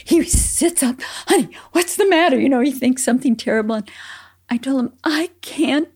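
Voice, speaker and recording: An older woman co-hosting a Christian parenting talk, telling family stories in a gentle, earnest way. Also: sits high, expressive, brisk, slightly rough. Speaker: podcast co-host, mother.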